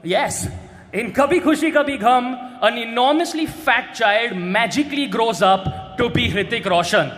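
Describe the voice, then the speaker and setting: A man's voice: very high-pitched, moderate pace, soft background music. Brash young man roasting on stage. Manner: brash, shouts punchlines. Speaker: roast comedian. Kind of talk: stand-up roast set. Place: large indoor stage venue. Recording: live hall with reverb and crowd noise.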